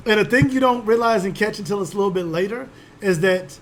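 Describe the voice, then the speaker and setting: A man narrating as game master in a casual, profane, animated storytelling style. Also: sits high, quick pace, slight background noise.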